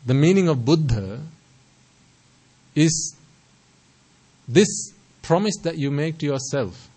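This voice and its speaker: Giving a Buddhist sermon slowly and expressively, this man has a fairly high, mellow voice with a slightly rough edge, captured on low-quality audio. He carefully stresses pronunciation, asks rhetorical questions and repeats phrases to underline his points.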